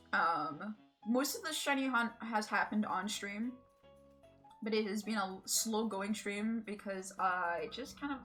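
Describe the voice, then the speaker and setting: A woman's voice: mid-range voice, bright, forceful tone. A woman with a Scottish accent, between Edinburgh and Glasgow, chatting casually on a gaming stream, swearing freely and laughing often. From Scotland. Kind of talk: casual live-stream chat while gaming.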